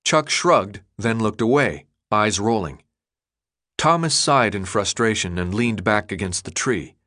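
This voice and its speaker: A man narrating a novel aloud in an expressive storytelling manner. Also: lowish voice, a little slow, no echo, studio quality. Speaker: audiobook narrator. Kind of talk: scripted narration.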